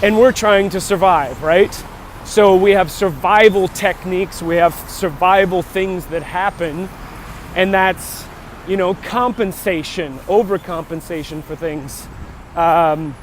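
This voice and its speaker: A man's voice: high-pitched, a little hiss or hum. A man talking casually while out on a morning walk, rambling and musing with lots of restarts. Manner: rambling, musing, self-interrupting. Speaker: vlogger. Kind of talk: casual walk-and-talk vlog. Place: outdoors on a walk near traffic.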